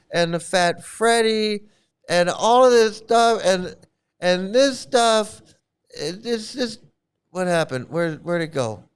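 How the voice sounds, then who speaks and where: A man's voice: high-pitched, clear, resonant tone. A man hosting a casual commentary video, ranting bluntly with exasperation, repeating himself and swearing freely. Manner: exasperated, repetitive, blunt and profane. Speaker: commentary channel host.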